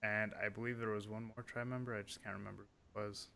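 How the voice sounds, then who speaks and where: A man's voice: fairly low pitch, little pitch movement, fast talker, creaky, pushed and bright, slight background noise. A man narrating a tabletop role-playing game as game master, in a casual, chatty way with many fillers.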